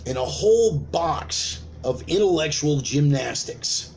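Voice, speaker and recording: A man preaches a heated rant, swearing freely and hammering points with repetition and rhetorical questions. His fairly high voice swings widely in pitch from punchy peaks to low, grim asides. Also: lively intonation, measured pace, darkish tone, slight background noise. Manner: profane, emphatic, uses repetition and rhetorical questions. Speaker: preacher of an online sermon. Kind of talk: ranting sermon.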